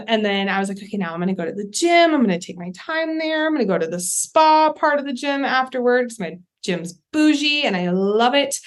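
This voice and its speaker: Chatty young woman podcast host. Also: mid-range voice. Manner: chatty and candid, acts out her own thoughts in quoted asides. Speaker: podcast host, life coach. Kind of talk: casual solo podcast talk.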